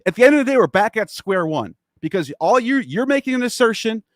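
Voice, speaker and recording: A man's voice: high-pitched, sing-song, fast, no room sound, studio quality. A man hosting a casual online discussion, talking in a rambling, profane and heated way. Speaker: podcast host.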